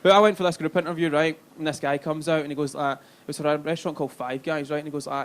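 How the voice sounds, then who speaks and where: A Glaswegian comedian with a Scottish accent works a comedy club crowd live, chatty and sweary, checking in with them as he goes. His steady-toned voice sits on the high side, moving quickly with few pauses, and there's a little hiss or hum in the recording.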